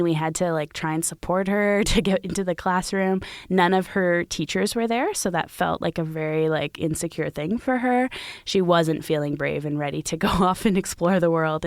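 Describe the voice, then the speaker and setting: A woman in her thirties co-hosting a podcast, her voice sitting on the low side. She explains things conversationally, leaning on fillers as she goes. The recording is dry and close, with no room sound. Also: vocal fry, dry recording. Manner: warm explanatory, many fillers like "you know". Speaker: podcast co-host.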